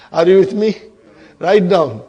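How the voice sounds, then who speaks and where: Questioning male Arabic teacher, higher voice. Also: expressive, slow pace, darkish tone, husky, highs cut off. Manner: quizzes students, frequent checks like "huh?" and "okay?"; addresses class as brothers and sisters. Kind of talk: classroom grammar lesson. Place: classroom with students.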